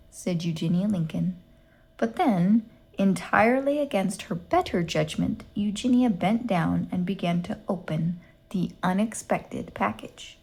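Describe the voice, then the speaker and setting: A woman reading a children's picture book aloud in an expressive, dryly humorous storyteller's manner. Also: mid-range voice, a little slow, vocal fry, slightly rough. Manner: expressive, dry storyteller's delivery.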